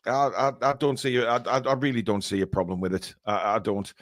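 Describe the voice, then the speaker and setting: A man's voice: fairly low pitch, steady tone, brisk, no room sound, studio quality. Jokey man host with stammering restarts. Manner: jokey, hesitant, repeats words. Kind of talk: casual football podcast chat.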